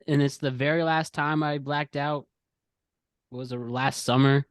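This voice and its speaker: A man's voice: medium pitch, steady tone, a little slow, smooth, no echo. A young man hosting a podcast quiz in an easygoing, chatty way. He rambles through his stories, stopping to restart and correct himself. His voice sounds close and dry. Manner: rambling, self-correcting storyteller who laughs often. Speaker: podcast host running a quiz game. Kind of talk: casual podcast chat.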